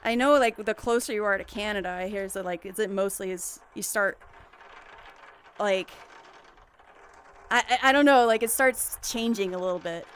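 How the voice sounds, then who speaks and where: A woman's voice: medium pitch, normal speed, pauses often, slight background noise. A young woman livestreaming, chatting casually and rambling with giggles and restarts.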